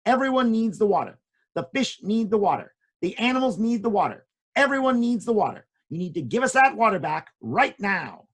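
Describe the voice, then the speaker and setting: A man's voice: sits high, sing-song, a little fast, voice pushed up. A man voicing a big female emu bird in a children's story, scolding firmly. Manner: scolding, insistent.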